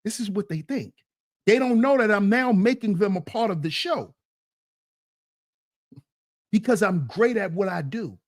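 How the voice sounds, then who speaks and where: A man's voice: high-pitched, expressive, a little slow, long pauses, no echo, studio quality. A man hosting a livestream, reading chat comments aloud and answering them in an emphatic, mocking way that repeats phrases.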